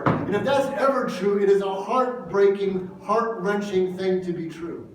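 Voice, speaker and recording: A man delivers an earnest sermon, piling up repeated phrases for emphasis. His voice sits high for a man. It rings through a very echoey room, picked up from some distance with a faint hiss underneath. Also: measured pace. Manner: earnest, repetitive emphatic preaching. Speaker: pastor.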